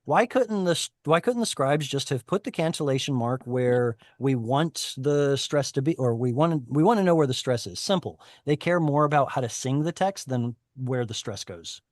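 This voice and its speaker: Over a video call, a man leads a Hebrew reading class in an expressive, medium-pitched voice at normal speed, barely pausing. His explanations run long and he often corrects himself in a chatty way; the audio is clean and studio-like, with no echo.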